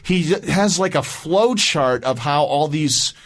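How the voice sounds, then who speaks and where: A man's voice: a little high, lively intonation, slow pace, fairly bright tone. A man hosting a podcast, talking in a chatty, rambling way. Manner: chatty, full of fillers and restarts. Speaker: podcast host. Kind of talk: casual interview chat.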